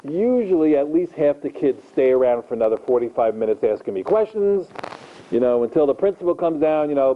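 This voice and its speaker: A man's voice: brisk, phone-quality sound, a little hiss or hum. A middle-aged man, a rabbi, giving a storytelling lecture to a live audience in a large room, acting out the people in his stories. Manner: animated, acts out the people in his stories with big pitch jumps.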